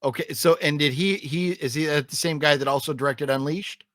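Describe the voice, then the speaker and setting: A man reviewing films in a loose, casual podcast chat, his voice pitched a little higher than usual for a man. He rambles through fillers and restarts and gripes with emphatic exasperation. The sound is close and dry, with no room in it. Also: brisk, fairly bright tone, no room sound.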